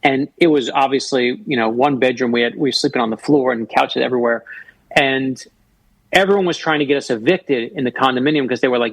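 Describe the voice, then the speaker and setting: Guest author, a man in his fifties, with a husky voice and a dry, close sound. He tells earnest personal stories. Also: mid-range voice, fast, dry recording, rough recording. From Florida. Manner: earnest storyteller who acts out quoted voices. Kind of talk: storytelling in a radio interview.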